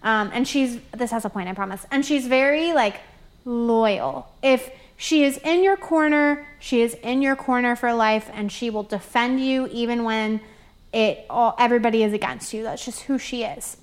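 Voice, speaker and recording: A woman in her twenties chatting casually and telling animated family stories with lots of fillers. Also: on the high side, normal speed. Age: 20s. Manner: animated storyteller, many fillers. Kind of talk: casual chat, storytelling.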